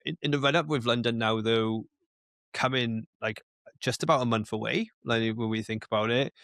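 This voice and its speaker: A man's voice: mid-range voice, normal speed, fairly bright tone, no echo. Man, medium voice, dry recording, rambling casual podcast chat. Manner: rambling, lots of restarts. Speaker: podcast co-host.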